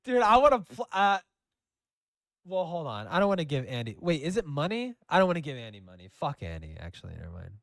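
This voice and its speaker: A man's voice: fairly high pitch, wildly swooping pitch, quick pace, gravelly, fairly bright tone, no room sound, studio quality. A man giving casual gameplay commentary, crude and mocking, laughing often. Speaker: gaming commentator.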